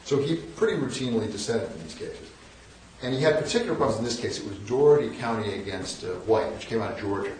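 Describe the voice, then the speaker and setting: A man's voice: medium pitch, very animated, fast, a little mellow, a little hiss or hum. Wry older man lecturing in an echoey hall. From northern United States. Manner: wry, self-deprecating anecdotes with frequent restarts. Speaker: guest lecturer. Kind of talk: storytelling lecture. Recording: echoey hall, mic at a distance.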